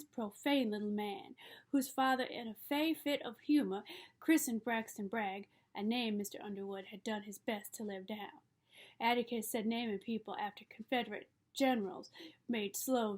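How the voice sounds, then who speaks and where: A woman reading a novel aloud as narrator, in a measured storytelling manner. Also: fairly high pitch. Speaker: audiobook reader.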